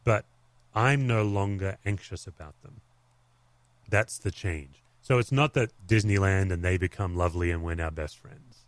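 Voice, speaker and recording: Low-voiced man telling stories, dry sound. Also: normal speed, no echo. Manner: candid, reflective storytelling. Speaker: pastor. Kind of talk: podcast conversation.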